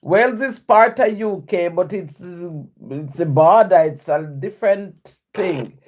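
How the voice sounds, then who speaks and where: Jamaican woman reading out chat on her live stream, slow and unhurried, mellow voice. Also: fairly low pitch. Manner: reads viewer comments aloud and answers them.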